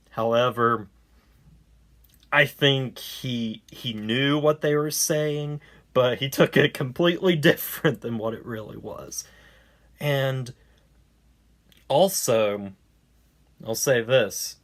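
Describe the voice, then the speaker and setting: A man talks through a movie review in an unhurried way, wry and a little sarcastic. He rambles, trips over his words and restarts his sentences, and his voice sits at an ordinary mid pitch. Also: a bit bright. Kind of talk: casual spoken review.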